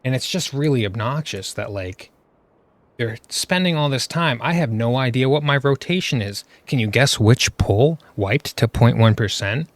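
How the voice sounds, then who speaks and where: A man's voice: mid-range voice, expressive, normal speed, no room sound. A man ranting in exasperation over gameplay footage, casual and chatty, often checking in with "right?" as he talks. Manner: exasperated, ranting, keeps tagging "right?" and "you know what I mean?". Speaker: gaming commentator.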